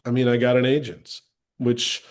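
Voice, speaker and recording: Middle-aged man telling lively stories. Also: medium pitch, moderate pace. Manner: animated retelling, acting out quoted voices with lively shifts. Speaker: actor, podcast guest. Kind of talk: candid storytelling in a casual interview.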